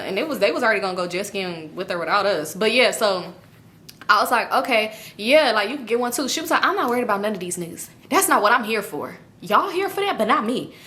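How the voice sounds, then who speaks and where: A woman's voice: fairly high pitch, pushed and bright. A young woman vlogger telling a casual storytime, animatedly acting out her friends' lines.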